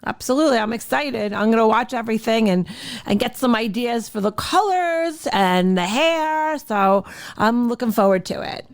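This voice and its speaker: High bubbly Long Island woman co-host. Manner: bubbly, excitable, quick to laugh. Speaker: radio co-host.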